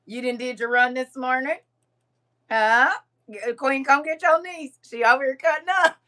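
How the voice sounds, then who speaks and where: A woman hosts a casual livestream, reading viewer comments aloud in a lively, teasing manner and laughing often. Her voice is high, and she speaks a little slowly.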